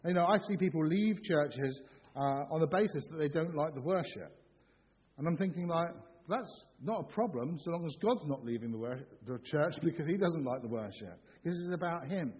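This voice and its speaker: A middle-aged man delivering a sermon, bouncing between jokes and earnest points. His voice sits a little high and swings widely in pitch. The sound is slightly muffled, with a long reverb trailing off the walls of a large church. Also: moderate pace, slight background noise. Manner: animated, jokey, acts out shouts. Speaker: preacher.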